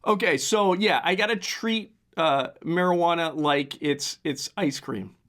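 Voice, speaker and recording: A man of fifty, hoarse from the flu, hosting a casual solo podcast monologue into a desk mic and rambling with many restarts. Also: on the high side, measured pace, fairly bright tone. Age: 50s. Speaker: podcast host.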